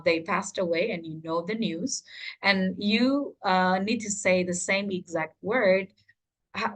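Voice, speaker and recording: A woman's voice: mid-range voice, a bit bright. A woman leading an online training session for teachers, talking with frequent "uh" fillers and addressing participants politely as Bapak dan Ibu.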